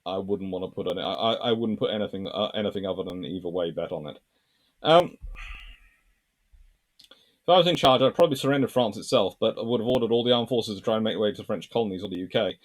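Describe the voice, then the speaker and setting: Man, low-pitched, rambling commentary, frequent restarts, reading viewer comments. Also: fast talker. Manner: rambling, restarts, thinks aloud. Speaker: history channel host answering comments.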